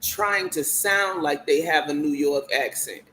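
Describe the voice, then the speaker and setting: A man's voice: on the high side, unhurried, pushed and bright, a little hiss or hum. A man co-hosting a livestream, dropping dry side remarks in casual commentary. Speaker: livestream co-host.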